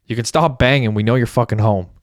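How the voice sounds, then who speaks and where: A man's voice: medium pitch, brisk, clean tone, no echo, clean studio sound, lightly acted. A man voicing a cocky, joking young man who talks in a brash, teasing, upbeat way.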